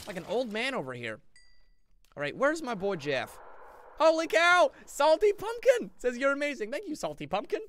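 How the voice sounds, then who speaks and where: A man's voice: very high voice, normal speed, background noise. A young man giving playful, goofy live commentary while streaming a game and chatting with viewers. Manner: playful, goofy, jokes with chat; excitable, shifting energy. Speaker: gaming streamer.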